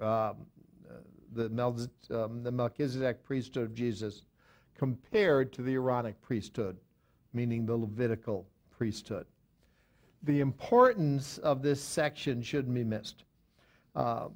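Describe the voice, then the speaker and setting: A man's voice: mid-range voice, darkish tone. A middle-aged man leads a Bible study in a plain, mid-range voice. He talks off the cuff, stopping and correcting himself often, then lifts his voice to stress the verses he reads aloud. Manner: halting, many fillers and self-corrections, reads verses aloud with emphasis. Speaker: pastor teaching a Bible study. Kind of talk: unscripted Bible teaching.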